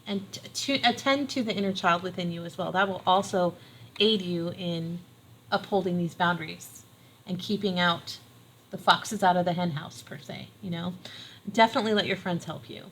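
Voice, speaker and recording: A woman's voice: lowish voice, normal speed, a bit bright, slight background noise, poor audio. A middle-aged woman giving a casual tarot reading, earnest and encouraging, repeating phrases for emphasis. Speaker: tarot reader.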